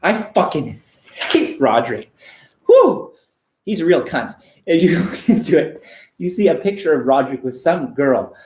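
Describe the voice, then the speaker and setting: A man giving a deadpan, mock-serious reading of a children's book on a live stream, breaking off for crude asides. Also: a little high, normal speed, echoey room.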